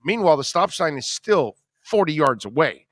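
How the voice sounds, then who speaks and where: A middle-aged man hosting a radio show, telling a long story in casual chat, rambling and animated with many restarts. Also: a little high, moderate pace, no echo, clean studio sound.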